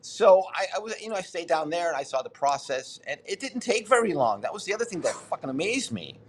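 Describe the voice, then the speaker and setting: Fast and very animated, this man has a high voice, with a little hiss or hum in the recording. A Boston native in his sixties, he guests on a podcast, rambling through a story in a casual interview while swearing and cutting himself off repeatedly.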